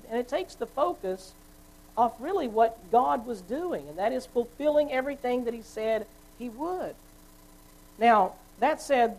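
A woman preacher giving a sermon, explaining at a measured pace and correcting herself as she goes. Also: a little high, a little mellow, rough recording.

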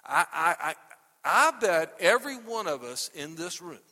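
Animated high-voiced male preacher. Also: a little slow, big-room sound. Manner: animated, repeats "okay?" constantly. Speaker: pastor. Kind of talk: sermon. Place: church sanctuary. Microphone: microphone.

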